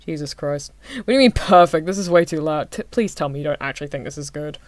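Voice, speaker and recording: Woman streamer, giggly chat reacting to anime, slightly low voice, dry sound. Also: lively intonation, fast, darkish tone, no echo. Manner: giggly, chatty, rambling asides to chat. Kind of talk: casual watchalong commentary. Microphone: desk mic adjusted mid-stream.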